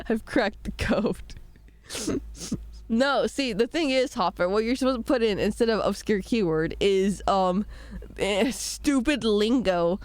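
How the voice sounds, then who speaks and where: Giggly sick young woman streamer, slow. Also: on the high side, lively intonation, dry recording. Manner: giggly and rambling, reads chat aloud. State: sick, voice rough. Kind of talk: casual live-stream chat.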